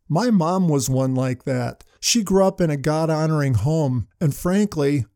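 Older male pastor with a dark voice. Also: fairly high pitch, no room sound, studio quality. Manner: storytelling with anecdotes. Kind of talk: sermon.

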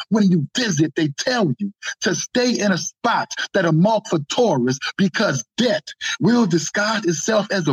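Husky high-voiced New man. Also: dry recording, muffled recording. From New Orleans, USA. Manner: animated, laughs while telling stories. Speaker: guest poet. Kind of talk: casual storytelling and spoken word poetry.

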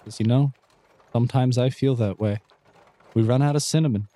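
A man's voice: mid-range voice, moderate pace, dark tone, dry recording, lightly acted. A man voicing a rambling companion who gives folksy advice through clumsy baking analogies.

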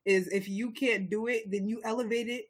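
A young man co-hosting a casual talk show speaks with passion at a normal speed, rambling and restarting often. His voice is high-pitched with fairly even intonation.

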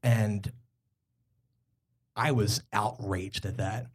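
A man's voice: on the low side, fairly even intonation, very slow, slightly rough. Rambling young man telling a story. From Philadelphia. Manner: rambling, filler-heavy, self-mocking. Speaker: comedian telling a true story. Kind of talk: live storytelling on a comedy podcast. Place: live comedy theatre stage.

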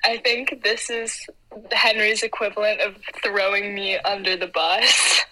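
Slow-talking, giggly young woman. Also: mid-range voice, steady tone, noisy background. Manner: giggly, teasing. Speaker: podcast co-host. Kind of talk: casual chat.

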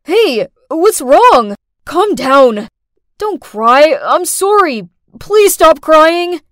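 A woman's voice: high voice, very animated, measured pace, no echo, studio quality. A woman voicing a breezy teenage boy. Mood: flustered. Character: laid-back teenage boy classmate, casual and blunt.

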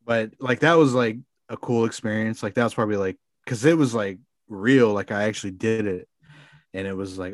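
A man with a fairly low voice tells a long story in casual talk, stringing it together with fillers and loose cursing. The sound is dry and close, with no room around it. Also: a little fast, no echo. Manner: rambling, filler-heavy with frequent swearing. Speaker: podcast guest.

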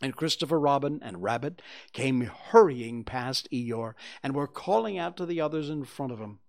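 A man reading a storybook aloud in a gently paced narration. His voice has a gravelly texture and a lively, rising-and-falling tone. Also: medium pitch, normal speed.

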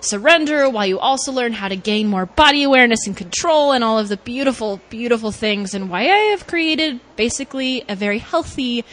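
A young woman hosting a podcast in a casual, bubbly chat, laughing often and swinging her pitch widely. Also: expressive, brisk, few pauses, fairly bright tone. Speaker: podcast host and life coach.

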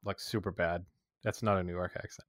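Low-voiced blunt Midwestern man. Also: flat delivery, a little fast, a bit bright, dry recording, clean studio sound. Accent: Midwestern American. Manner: blunt, swears casually, reels off trivia. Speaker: podcast co-host. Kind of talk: casual chat about a TV show.

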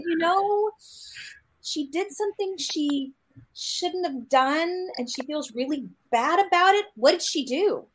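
A woman with a high voice tells a casual story on a panel. She acts out the lines she quotes as she goes. A soft hiss runs underneath. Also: lively intonation, measured pace. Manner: anecdotal, acts out quoted dialogue. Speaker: actor and panel guest.

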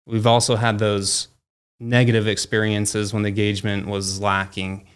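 A man's voice: lowish voice, completely flat delivery, normal speed, smooth. A man who founded a company, speaking as a guest and telling a story casually, with plenty of fillers like "like" and "you know". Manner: acts out quoted dialogue in his stories.

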